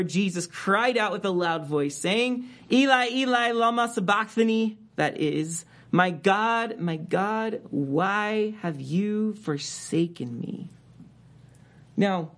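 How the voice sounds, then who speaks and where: A man's voice: a little high, fairly bright tone. A man preaching a sermon as a pastor, reading scripture aloud and rising in emphasis on key words.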